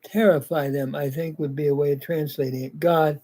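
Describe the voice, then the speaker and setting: A man teaching biblical grammar, reading ancient verses aloud and working through them slowly with frequent "uh" pauses. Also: fairly high pitch, steady tone, a little mellow. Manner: deliberate, pauses with "uh", reads ancient text aloud. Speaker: Bible language teacher. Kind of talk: slow grammar lecture.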